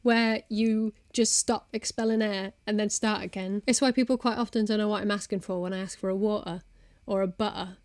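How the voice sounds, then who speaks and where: A woman's voice: medium pitch, steady tone, brisk, darkish tone, no room sound, clean studio sound. A young British woman vlogging, explaining things casually with playful asides and self-aware humor. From Britain. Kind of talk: casual explainer talking to camera.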